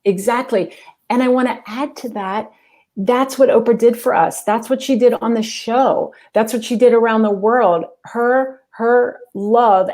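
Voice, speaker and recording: A woman executive coach speaks as an interview guest in a mid-range voice. She talks quickly and earnestly, with a spiritual, heartfelt manner. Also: mid-range voice, darkish tone. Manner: earnest, fast-talking, spiritual. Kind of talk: interview answers.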